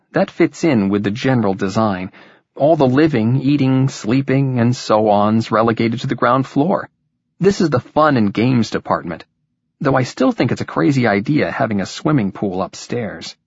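A man voicing a wary, sharp-tongued young woman with a pointed, lightly sarcastic manner. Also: medium pitch, lively intonation, normal speed, slightly rough, no echo, highs cut off, voice pushed up. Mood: wry.

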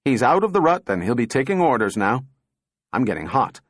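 A man's voice: medium pitch, very animated, fairly quick, dry recording. A tense, impatient engineer who presses his points in an urgent, clipped manner, as a male narrator plays him. His voice sits in an ordinary middle range and is recorded dry and close. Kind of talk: audiobook character voice.

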